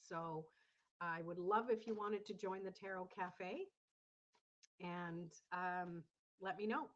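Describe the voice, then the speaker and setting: A woman's voice: on the low side, steady tone, slow. A woman hosting a casual tarot livestream, chatty and encouraging as she talks to viewers in the chat. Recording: slightly dull lo-fi sound.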